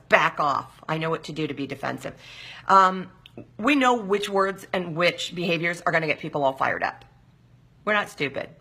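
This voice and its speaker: Gravelly, sharp-toned woman hosting a talk show. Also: on the low side. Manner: emphatic, asks rhetorical questions. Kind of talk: live talk-show monologue.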